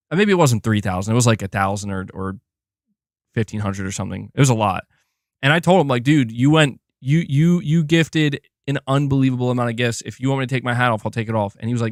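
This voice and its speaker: A man's voice: mid-range voice, expressive, fast, no echo, clean studio sound. A man live-streaming in casual chat, rambling and swearing with many restarts. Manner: profane, frustrated, rambling with restarts.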